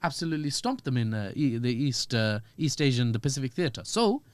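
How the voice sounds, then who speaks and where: A man, a podcast guest giving animated, joking analysis with quick asides. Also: mid-range voice, clean tone, dry recording. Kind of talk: podcast discussion.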